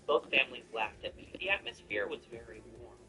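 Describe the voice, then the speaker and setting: A man narrating a first-person family story in an earnest, lively way. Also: mid-range voice, a little fast. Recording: distant mic with background music.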